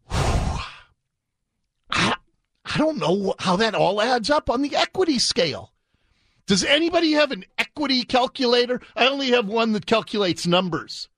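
A man's voice: big pitch swings, measured pace, long pauses, a bit bright, dry recording, studio quality. A man in his fifties hosting talk radio, mocking and sarcastic in his commentary. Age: 50s. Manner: sarcastic, mocking, swings in pitch. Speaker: radio host.

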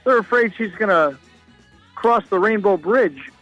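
A man calls in to a radio show over a dull, dry line. His voice is high, bright and very lively in pitch, and he talks in a curious, gossipy way. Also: unhurried, soft background music. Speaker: caller. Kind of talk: phone-in call.

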